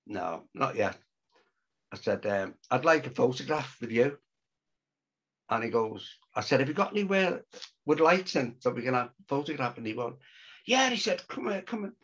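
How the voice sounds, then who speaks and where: In a relaxed, chatty anecdote, an older storyteller guest slips into the voices of those he quotes, animated and laughing often. His pitch is middling, and the sound is muffled and lo-fi.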